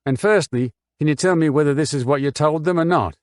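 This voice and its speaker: A man's voice: on the high side, no echo, clean studio sound, pitched above the performer's own voice, close to an everyday voice. A man voicing a cool, probing barrister. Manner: formal, measured questioning.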